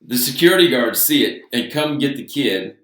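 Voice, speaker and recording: A man co-hosting a podcast, telling excited, animated stories in casual chat. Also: mid-range voice, moderate pace. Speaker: podcast co-host. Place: podcast studio. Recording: roomy and distant from mic.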